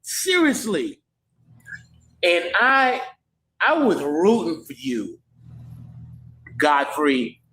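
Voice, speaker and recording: A man ranting in a slow, incredulous way in a played clip. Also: on the high side, very animated, a bit bright. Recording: roomy clip with faint noise.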